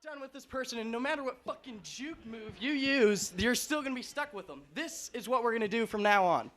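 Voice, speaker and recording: Brash, bright-voiced young male comic. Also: extremely high pitch, expressive, fairly quick. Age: young adult. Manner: brash, swearing. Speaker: stand-up comedian. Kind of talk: student stand-up comedy set.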